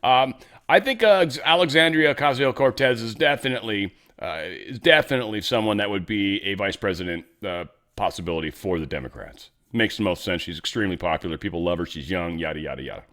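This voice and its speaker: A man's voice: fairly low pitch, expressive, a little fast, fairly bright tone. A man hosting a casual political commentary show, talking in a loose, sarcastic, rambling way. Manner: loose, sarcastic, rambling, drops into mock voices.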